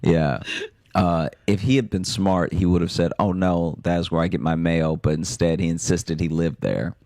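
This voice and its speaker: Deep-voiced man telling comic stories. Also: steady tone, moderate pace, mellow, dry recording. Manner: dry storytelling with bursts of laughter. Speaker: comedian reading listener letters. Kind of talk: comic podcast chat.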